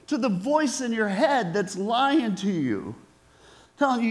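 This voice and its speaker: A male preacher with a notably high voice delivers a sermon at a slow, unhurried pace. He talks conversationally and keeps turning to his listeners with questions. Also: big pitch swings. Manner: conversational, asks the audience questions.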